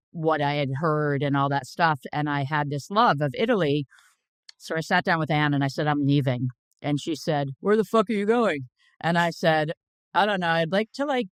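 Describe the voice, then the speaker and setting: A woman's voice: deep voice, no echo, clean studio sound. A woman in her fifties, a chef telling anecdotes in a casual interview, blunt and chatty with lots of "like" fillers. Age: 50s. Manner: blunt, swears freely.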